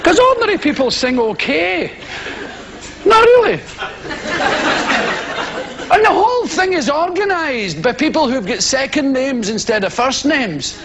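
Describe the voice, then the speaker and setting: High, lively Scottish comedian. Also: male voice, normal speed, few pauses, crowd noise, noisy background. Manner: animated storytelling, shouted exclamations. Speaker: stand-up comedian. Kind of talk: live stand-up comedy. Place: theatre stage before an audience. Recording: live show with loud audience laughter.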